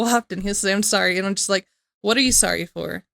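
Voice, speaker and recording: A woman's voice: mid-range voice, quick pace, vocal fry, a bit bright, no echo, studio quality. A young woman reacting to a video, talking casually in a rambling, exasperated way. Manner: rambling, exasperated, repeats herself. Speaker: reaction streamer.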